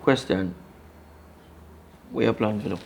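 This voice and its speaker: A man's voice: on the low side, a little slow, creaky. A man with a Jamaican accent playing a man who takes his deported brother in, blunt and frank in a lecturing way. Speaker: actor in a crime drama. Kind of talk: Jamaican Patois film dialogue.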